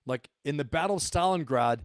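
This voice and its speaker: Fairly high in pitch and a little fast, this man's voice comes through clean studio sound with no room sound. He's a middle-aged retired Marine officer giving his viewers casual, emphatic commentary, repeating himself and tossing out rhetorical questions.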